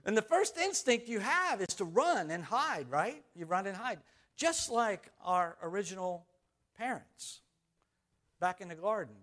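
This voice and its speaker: A man who is a pastor, praying for his congregation and then telling a personal story in a halting, conversational sermon with many restarts. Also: high-pitched, a bit bright. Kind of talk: sermon with prayer and anecdotes.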